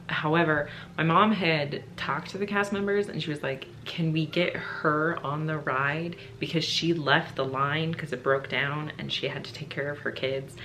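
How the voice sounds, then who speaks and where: In a casual storytime, a young woman vlogger speaks in a slightly low, fairly bright voice. She openly chokes up and laughs through tears, while a faint hiss runs beneath the recording.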